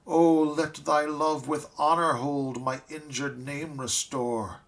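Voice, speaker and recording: A desperate, wronged young woman cries out in anguish, her voice lifted high and pleading, as a man reading a ballad puts her on. The lines come slowly and dramatically in a storybook reading. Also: steady tone. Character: ruined young woman, desperate and grief-stricken.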